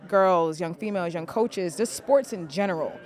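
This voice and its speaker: A woman's voice: lowish voice, moderate pace, darkish tone. A woman basketball coach, a guest in an interview, speaking earnestly and repeating phrases for emphasis. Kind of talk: interview conversation.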